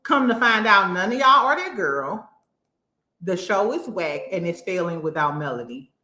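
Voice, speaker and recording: Woman host, blunt and mocking reality TV commentary, crisp bright tone. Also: on the low side, animated, moderate pace, roomy sound. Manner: blunt, sassy, cursing, mocking impressions. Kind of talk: casual opinionated commentary.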